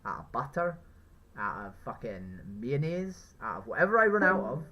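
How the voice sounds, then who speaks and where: An Irish man pressing his case in a street conversation, forceful and full of swearing, checking in with "right?" every few words. His voice sits at an ordinary middle pitch. The recording is dull and lo-fi. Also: very animated, normal speed, crowd noise. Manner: emphatic, swears often, keeps asking "right?". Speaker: street vegan activist.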